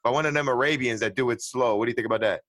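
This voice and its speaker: A man co-hosting a casual chat, ranting with heavy swearing and bursts of loud laughter. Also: medium pitch, racing, dry recording. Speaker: podcast co-host. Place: at home with a dog nearby.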